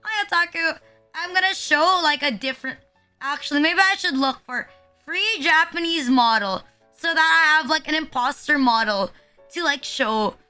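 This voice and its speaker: Young woman streamer, high bright voice, nervous, profane rambling chat, faint music behind. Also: normal speed. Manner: rambling, profane and self-deprecating. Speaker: VTuber streamer. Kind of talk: casual live-stream chat.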